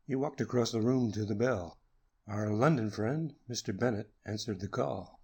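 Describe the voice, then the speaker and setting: A man narrating a classic detective story as a measured, unhurried audiobook reading for sleep. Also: lowish voice, a little mellow, husky.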